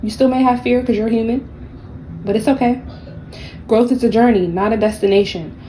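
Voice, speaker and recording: A woman's voice: on the high side, fairly even intonation, normal speed, warm tone, slight background noise, poor audio. Blunt, profane woman reading tarot. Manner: blunt, profane and sassy, with mocking asides. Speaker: tarot reader.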